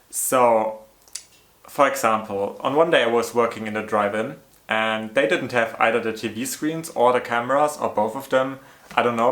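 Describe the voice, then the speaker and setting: Man, casual storytime vlog, chatty, exasperated, lots of "like", mid pitch, roomy echo. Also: a bit bright. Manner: chatty, many "like" fillers, exasperated retelling.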